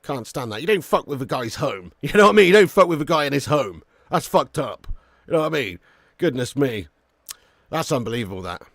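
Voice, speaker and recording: A young man with a mid-range voice hosts a live football watch-along, talking briskly and casually with viewers, reading their comments aloud, swearing freely, and shouting excitedly whenever a chance comes. The recording is dry with clean studio sound.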